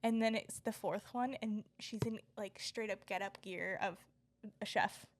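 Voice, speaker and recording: A woman's voice: medium pitch, steady tone, unhurried. A woman co-hosting a casual book podcast, rambling through funny stories with lots of giggling. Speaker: podcast co-host. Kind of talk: casual chat.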